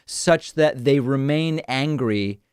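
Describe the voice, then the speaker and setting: A man's voice: medium pitch, slow, darkish tone, clean tone, no room sound. A male political commentator hosting his own show, talking straight to camera with wry amusement. His voice sits in the usual middle range. It is recorded close and dry in a studio. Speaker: political talk show host.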